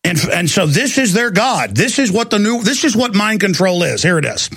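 A man's voice: high-pitched, sing-song, normal speed, fairly bright tone, breathy edge, no echo, studio quality. A man hosting a radio talk show, rambling through a long digressive rant before taking calls. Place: radio studio.

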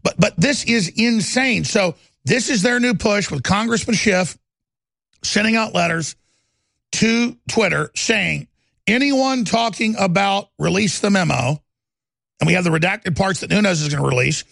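Gravelly, indignant talk-show host. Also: male voice, high voice, fairly bright tone, no room sound. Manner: emphatic, indignant, rapid-fire. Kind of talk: heated political talk radio.

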